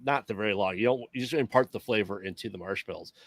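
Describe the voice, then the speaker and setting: A man co-hosting a podcast, chatting casually and explaining things in a relaxed, easygoing way. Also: lowish voice, quick pace, dry recording. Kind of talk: casual chat.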